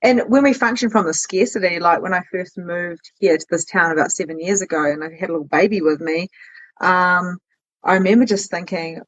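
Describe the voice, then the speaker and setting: Woman guest, husky voice, candid storytelling with colourful quoted asides, muffled lo-fi sound. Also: lowish voice, brisk. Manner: emotional storytelling, swearing, lively quoted asides. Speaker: guest, business coach. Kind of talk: candid podcast conversation.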